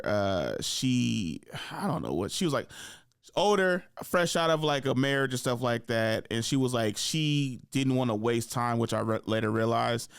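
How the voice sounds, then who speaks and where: A young man hosting a podcast, telling stories in casual chat, laughing often and doing high voices for the people he quotes. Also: clear, resonant tone, dry recording, studio quality. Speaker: podcast host.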